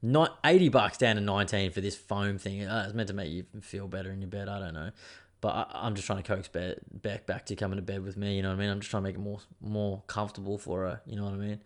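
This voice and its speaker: A man's voice: on the low side, fairly even intonation, quick pace. Sweary, rambling man. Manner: rambling, sweary and laid-back. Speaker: podcast host. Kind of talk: casual chat.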